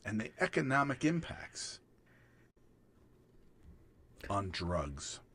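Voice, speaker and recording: A man's voice: on the low side, very animated, a little slow, fairly bright tone. A man hosting a podcast, joking and teasing his guests with mock-serious bits. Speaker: lead host. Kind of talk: casual podcast chat.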